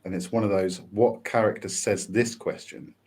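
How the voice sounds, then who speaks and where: A man's voice: fairly low pitch, steady tone, normal speed, a little mellow. A man co-hosting a podcast, asking playful questions with hesitant restarts. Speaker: podcast co-host. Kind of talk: casual chat.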